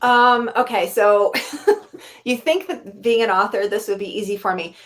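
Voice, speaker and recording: A woman telling a story in a casual interview, animated and often laughing as she acts out her own reactions. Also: mid-range voice, a little slow. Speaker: guest author. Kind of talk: casual interview chat, anecdote.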